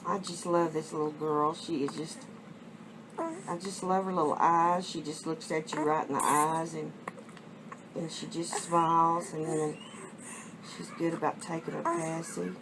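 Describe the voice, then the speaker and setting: A woman with a West Texas accent, chatting on her home vlog and cooing baby talk to a reborn doll in a soft, drawn-out way. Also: low voice. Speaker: reborn doll collector vlogger. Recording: noisy home video.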